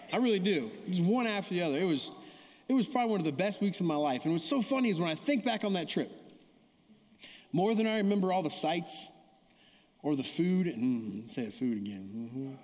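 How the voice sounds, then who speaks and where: A man's voice: sits high, darkish tone. A man preaching a sermon as pastor, telling stories in a conversational way, often checking in with the congregation and asking for responses. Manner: conversational, keeps asking the audience "right?"; calls for audience response. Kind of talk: sermon with storytelling. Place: church sanctuary. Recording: long hall reverb.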